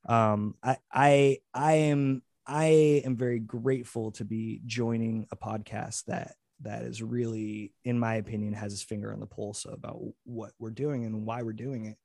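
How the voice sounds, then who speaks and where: A man speaking as a podcast co-host in casual chat, earnest and full of restarts. His voice sits at a middling pitch, recorded close and dry with no room sound. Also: level tone, unhurried, creaky, hardly any pauses, darkish tone, no echo. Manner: rambling, many restarts, earnest.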